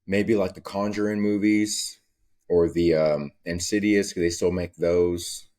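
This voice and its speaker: A young adult man hosting a solo comedy podcast, talking loosely and profanely and acting out scenes in squeaky voices. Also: fairly even intonation, a little slow, darkish tone. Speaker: podcast host.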